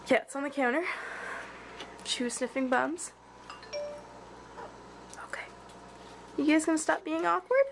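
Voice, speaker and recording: A woman's voice: very high voice, expressive, moderate pace, long pauses, background noise. A woman at home chatting to her cats and dog in a sing-song baby-talk voice, repeating little greetings over and over. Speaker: cat owner filming her pets. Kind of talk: casual pet vlog. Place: at home indoors.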